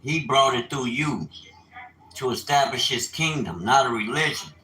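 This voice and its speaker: A man preaching and ranting informally, animated and profane, with sudden bursts of shouting. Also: mid-range voice, normal speed, roomy sound. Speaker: religious teacher. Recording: noisy ambient background.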